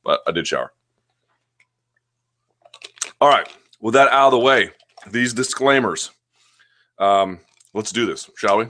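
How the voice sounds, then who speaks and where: Bright-voiced man rambling through a live chat. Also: lowish voice, expressive, measured pace, pauses often. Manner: rambling, self-deprecating, with frequent restarts. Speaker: host of a live chat show. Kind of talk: casual live-stream chat answering viewer questions. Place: at home.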